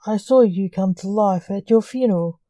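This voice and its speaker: A woman reading the part of a male caller who blackmails in a curt, dark manner. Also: medium pitch, moderate pace, no room sound, lightly acted. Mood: menacing. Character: man, menacing blackmailing phone caller.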